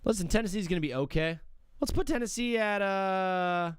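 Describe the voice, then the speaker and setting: A man's voice: high voice, normal speed, clean tone, dry recording, clean studio sound. A young man hosting a live sports show, rambling casually and interrupting himself as he ranks teams. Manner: rambling, self-interrupting, talks to himself while working. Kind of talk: casual live-stream commentary.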